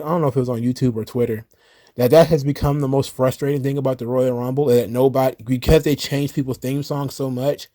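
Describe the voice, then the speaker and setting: A man's voice: medium pitch, darkish tone, dry recording, studio quality. A man hosting a casual wrestling recap, ranting in an exasperated, profane way. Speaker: wrestling commentary host.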